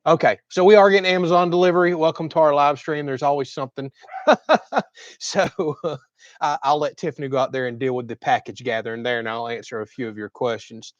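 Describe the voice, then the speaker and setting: A man from Florida, slightly hoarse, hosting a casual livestream chat from outdoors in a chatty, folksy, rambling way. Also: mid-range voice, level tone, quick pace, hardly any pauses, no echo, muffled recording. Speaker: livestream host. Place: outdoors at a home cooking spot.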